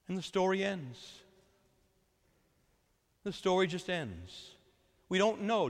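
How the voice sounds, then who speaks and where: A male priest preaching a sermon earnestly, urging his listeners and often dropping to a soft, intense tone. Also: a little high, in a large hall. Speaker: Catholic priest.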